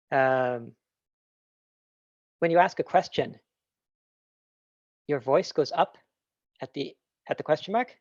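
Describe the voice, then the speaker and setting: A man's voice: on the high side, slow pace, pauses often, no echo, lo-fi sound. A man answering questions in a talk, enthusiastic and rambling with fillers, heard over a video call. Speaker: guest speaker. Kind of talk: casual Q&A answer.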